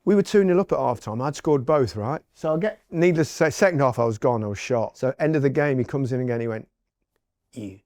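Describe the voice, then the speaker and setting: Guest spot: gravelly Englishman in his sixties, a storyteller chatting over a snooker table. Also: medium pitch, fast, few pauses. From England. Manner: animated anecdotes, playing snooker between remarks. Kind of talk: casual chat, storytelling. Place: indoor snooker room.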